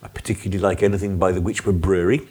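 A man's voice: low voice, steady tone, racing, darkish tone, breathy edge. A man co-hosting a podcast in casual chat, giggling often and reading listener letters aloud. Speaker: podcast co-host.

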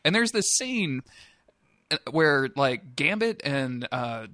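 A man co-hosting a podcast, recapping a cartoon episode in an animated, sarcastic way with swearing and laughs. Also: medium pitch, slow pace, no room sound, clean studio sound. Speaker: podcast co-host.

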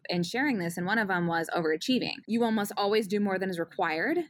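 A woman in her thirties in casual conversation, animated, laughing often and reading passages aloud. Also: mid-range voice, fast, no room sound. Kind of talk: casual chat.

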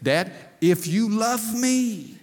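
A man's voice: high-pitched, animated, extremely slow, a little mellow, big-room sound, voice pushed up, heavily acted. A man voicing a pleading toddler girl stuck in a car seat, whiny and sing-song.

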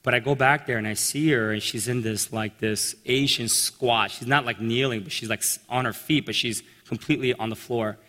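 Animated male preacher in echoing hall. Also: medium pitch, normal speed, few pauses. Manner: animated storyteller, acts out quotes. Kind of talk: personal story told in a sermon. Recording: long reverb in a large hall.

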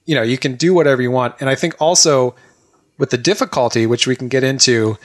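A man talking in an excited, rambling way, chatting casually as a co-host of a gaming talk show. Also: medium pitch. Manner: excited, rambling, quick bursts. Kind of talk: casual chat.

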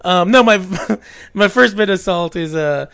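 Playful, animated man co-host. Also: high-pitched, unhurried, smooth, no room sound. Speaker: podcast co-host. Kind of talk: casual podcast chat.

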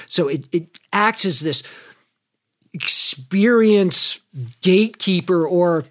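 A man's voice: high-pitched, lively intonation, slow. Man giving a casual spiritual talk. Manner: conversational, swears freely, acts out inner voices; explains with everyday comparisons. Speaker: spiritual teacher.

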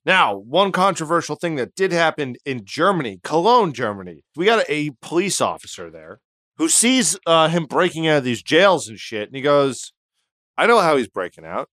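A man with a fairly high voice whose pitch swings widely as he tells a comic history tale and slips into the characters. The recording is dry and close. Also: normal speed, dry recording. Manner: animated, acts out characters in the story. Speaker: podcast host and storyteller. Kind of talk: casual comedic history storytelling.

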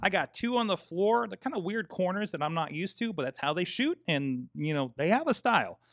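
A man's voice: high voice, big pitch swings, a little fast, fairly bright tone, no echo, studio quality. A man co-hosting a podcast in casual chat, rambling with many fillers and restarts and swearing often. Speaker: podcast co-host.

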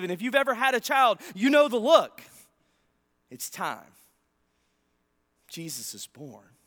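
A man preaching a sermon in church. He tells the story dramatically, swinging from loud emphasis to near-whispers, and talks to the congregation in a conversational way. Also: extremely high pitch. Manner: conversational, asks the congregation for responses. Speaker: pastor.

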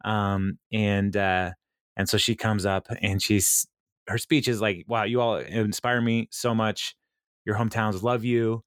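A podcast co-host recaps an episode casually, rambling through the show's scenes, quoting characters and using many fillers. His fairly low, resonant voice is clear, steady and unhurried, recorded in a clean studio with no echo.

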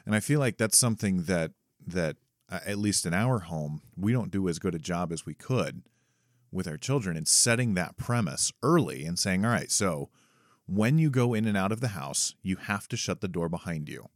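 A man with a very deep, low voice co-hosts a podcast. He thinks aloud and talks at length, often restarting his sentences as he works out a point. The recording is dry and close. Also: animated, moderate pace, dry recording. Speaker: podcast co-host; parent. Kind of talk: casual chat.

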